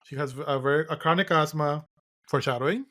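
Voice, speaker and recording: Male podcast co-host, casual and wry, halting rambling delivery. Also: on the high side, bright, forceful tone. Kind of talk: casual chat recapping a film.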